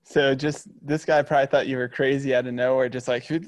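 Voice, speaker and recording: Man, podcast host, casual, quick questions, dry close sound. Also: medium pitch, level tone, dry recording. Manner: laughs often, quick follow-up questions. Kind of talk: casual interview.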